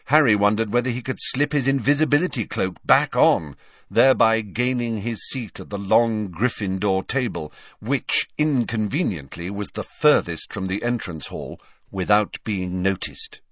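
A man narrating a novel as an audiobook in an expressive storytelling reading. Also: on the low side, moderate pace, no room sound, clean studio sound. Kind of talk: scripted narration.

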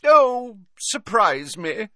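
A man doing a jovial old potions teacher, high and slow. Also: very animated, bright, forceful tone, no echo, studio quality, full character voice. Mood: airy. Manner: slow, airy and cheerful. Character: jovial, genial older male potions teacher.

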